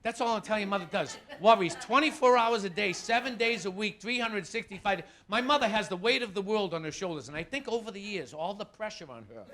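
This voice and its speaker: High-voiced, bright Boston stand-up comic. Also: male voice. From Boston area, USA. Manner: animated storytelling, acts out quoted voices, shouting punchlines. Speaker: stand-up comedian. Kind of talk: stand-up comedy routine.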